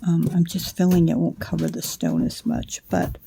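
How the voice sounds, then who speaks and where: A woman hosting a casual craft how-to at home late at night, sleepy, soft and unhurried, often slipping into a whisper as she works. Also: lowish voice, very animated, creaky, slight background noise. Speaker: craft channel host.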